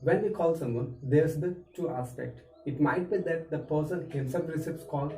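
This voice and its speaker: A man teaching an English lesson, explaining phrases and repeating them slowly for learners. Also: a little high, music in the background. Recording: echoey room, mic far off.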